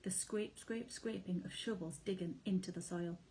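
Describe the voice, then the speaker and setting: A woman teacher reading a children's storybook aloud, with clear, expressive storytelling. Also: on the low side, moderate pace, poor audio. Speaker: primary school teacher.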